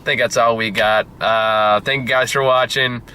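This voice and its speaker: A man's voice: mid-range voice, steady tone, moderate pace, sharp tone, slight background noise. A man hosting a casual movie review chat, rambling, laughing often and swearing freely.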